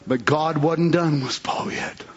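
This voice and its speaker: A man preaching a fiery sermon, moving between quiet talk and shouted bursts in folksy grammar. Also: on the high side, measured pace, highs cut off.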